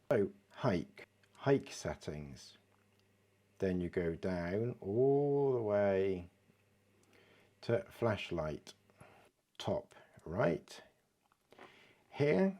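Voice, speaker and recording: A man's voice: fairly low pitch, mellow. A British man giving a casual watch demonstration, chatty and giggling at his own jokes. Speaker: watch reviewer. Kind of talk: casual product demo.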